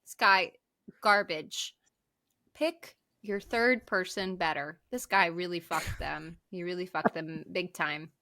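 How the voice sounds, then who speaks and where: A woman co-hosting a podcast, recapping a film in an animated, profane, casual way. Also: lowish voice, takes it slowly. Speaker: podcast co-host. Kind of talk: casual movie recap chat.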